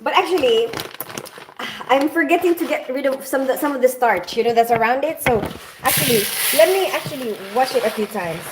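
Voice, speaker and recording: A woman from the Philippines talks her viewers through a dish on a live stream, in a slightly high voice. She rambles casually, filling gaps with "like" and "um". A faint hiss of noise sits under her voice. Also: expressive, a little fast. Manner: chatty and rambling, with many fillers and laughs. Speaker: livestream cooking host. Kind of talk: casual live cooking chat, reading comments.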